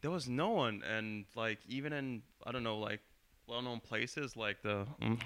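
A young man chats easily as a guest on a podcast, swearing in passing. His voice sits at a middle pitch with a bright, forceful edge. He keeps an unhurried, easygoing manner. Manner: relaxed, easygoing, casual swearing. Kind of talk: casual podcast chat.

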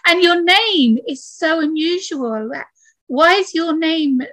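A woman's voice: extremely high pitch, expressive, slow pace, a bit bright, no room sound. A woman hosting a casual interview podcast, eager and chatty, with many "uh" fillers. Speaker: podcast host.

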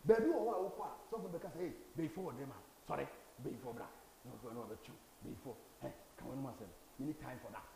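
A man's voice: medium pitch, fast talker, creaky, hardly any pauses, warm tone, reverberant, slight background noise, poor audio. A man preaching a sermon as a pastor in a church, emphatic and driving each point home by repeating phrases.

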